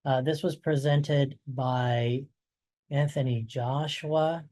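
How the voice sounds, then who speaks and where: A male oncologist talks through slides in a relaxed, conversational way, throwing in "guess what" asides. His voice is wearing thin and going hoarse. His pitch sits in an ordinary middle range. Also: unhurried. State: losing his voice. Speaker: oncologist presenting research. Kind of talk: webinar presentation.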